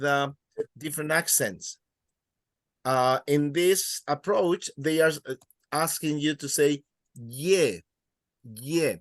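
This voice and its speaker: Slow, patient male teacher. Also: on the high side, dry recording. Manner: patient, repeats words slowly for students. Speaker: Spanish teacher. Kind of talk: classroom teaching.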